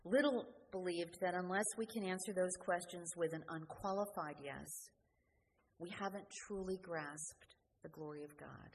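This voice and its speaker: A woman delivers a sermon in an earnest, questioning way, her lines often sinking soft at the close. Her voice sits a little low, and it rings out with the long reverb of a church, over a faint hiss. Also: normal speed. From New Jersey. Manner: earnest, questioning, dropping to quiet endings. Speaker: preacher.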